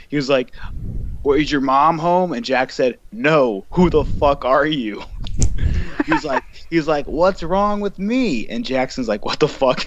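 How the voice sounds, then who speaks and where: A young man co-hosting a podcast, telling a story in casual chat, animated and profane, acting out what people said. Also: medium pitch. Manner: animated, profane, acts out quotes. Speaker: podcast co-host. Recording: dull lo-fi podcast mic with faint hiss.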